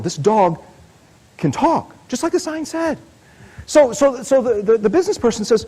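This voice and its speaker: Husky, animated conference keynote speaker. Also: male voice, very high voice, normal speed, rough recording. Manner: animated, casual, joking.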